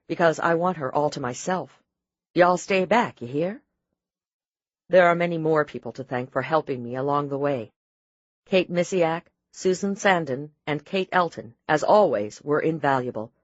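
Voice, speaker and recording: A female audiobook narrator reads scripted narration in a low, steady, measured voice. The recording is dry and close, with a slightly dull, muffled tone.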